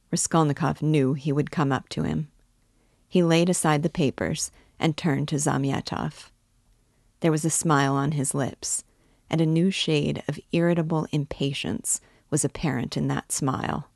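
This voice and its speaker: A woman reading a classic novel aloud, measured, gently voicing the characters' dialogue. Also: low voice, fairly even intonation, gravelly, no echo, studio quality. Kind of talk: audiobook-style reading aloud.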